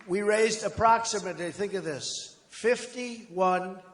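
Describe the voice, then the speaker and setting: A man's voice: high-pitched, unhurried, very noisy. A man giving a campaign rally speech, boastful and repetitive, with rambling asides. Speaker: political candidate addressing a rally. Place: large rally hall. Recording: echoey hall with long reverb.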